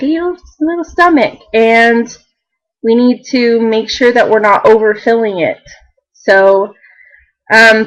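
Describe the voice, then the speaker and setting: A young woman vlogging in a chatty, animated way, full of fillers and laughter. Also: fairly high pitch, highs cut off. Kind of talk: casual chat to camera.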